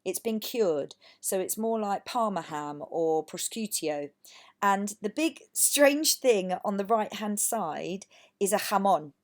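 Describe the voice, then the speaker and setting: A woman's voice: mid-range voice, animated, slow pace. A woman teacher from England giving a recorded lesson, patient and encouraging, saying words for students to repeat. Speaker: language teacher.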